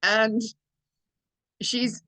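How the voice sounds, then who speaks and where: A woman's voice: a little high, fairly even intonation, very slow, pushed and bright, rough recording. A woman psychic medium talking casually to her viewers, rambling and chatty, and laughing often. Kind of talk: casual astrology vlog monologue.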